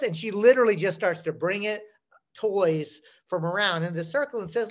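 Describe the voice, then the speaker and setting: A man's voice: high voice, normal speed, lo-fi sound. A man in his sixties with a Southern US accent, telling stories as an interview guest, often checking in with "right?". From Southern United States. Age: 60s. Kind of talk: casual storytelling.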